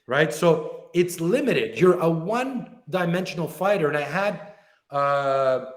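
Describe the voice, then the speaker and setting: Male guest, self-defense instructor, slightly high voice, lively storyteller, roomy echo. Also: slow. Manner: animated, acts out club stories with quoted dialogue. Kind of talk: interview storytelling.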